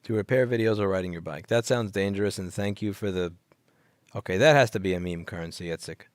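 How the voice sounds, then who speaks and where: A man with a lowish voice hosts a late-night livestream, reading chat and firing back blunt, sarcastic answers. He sounds sleepy and yawns often, and he repeats lines for emphasis. His headset mic gives a dry, close sound with no room echo. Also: quick pace. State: sleepy, yawning. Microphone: headset microphone.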